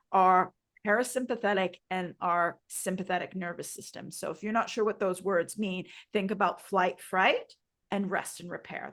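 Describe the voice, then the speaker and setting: A woman's voice: lowish voice, a bit bright. A woman yoga teacher co-hosting a podcast, explaining breathing in a guiding way and asking her listeners questions. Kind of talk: instructive podcast chat.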